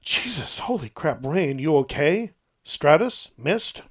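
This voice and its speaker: A man's voice: fairly high pitch, big pitch swings, takes it slowly, husky, highs cut off, heavily acted. A man voicing a young modern man in a fantasy land, who talks bluntly and casually. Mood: alarmed. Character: mortal young man from our world, blunt.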